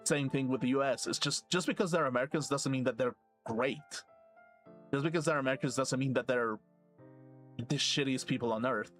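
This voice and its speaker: A man's voice: mid-range voice, brisk, fairly bright tone, faint music behind. Rambling, profane male streamer. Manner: rambling, profane, laughs to himself. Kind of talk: casual rambling rant while gaming.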